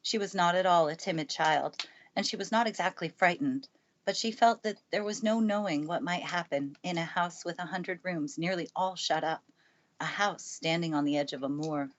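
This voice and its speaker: A woman calmly reading a classic storybook aloud in a steady storytelling manner, recorded in a family room by the fire. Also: on the low side, moderate pace, muffled recording. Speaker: narrator. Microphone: good studio mic.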